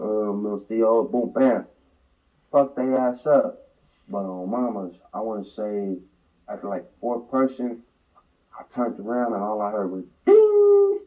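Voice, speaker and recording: A man's voice: fairly low pitch, distant mic, lo-fi sound. A man telling a prison story in an interview, in heavy slang, acting out the quotes. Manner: slangy, animated retelling with acted quotes. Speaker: interview subject.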